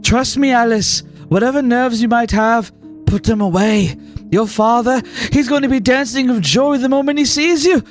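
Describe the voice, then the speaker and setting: A jolly older aunt, as a man puts her on, with a thick Scottish lilt, pitched high and leaping wildly up and down. She gushes with warmth, a retired brawler at heart, for a tabletop game with soft music underneath. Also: expressive, moderate pace. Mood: reassuring. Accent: Scottish, put on. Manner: exuberant, gushing, affectionate. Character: cheerful tough older aunt, a former brawler.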